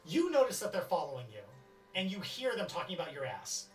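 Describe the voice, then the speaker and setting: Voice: medium pitch, sing-song, a little fast, soft background music. A game master narrating a tabletop game and calling for dice rolls. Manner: rambling, calls for dice rolls. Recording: roomy, distant mic.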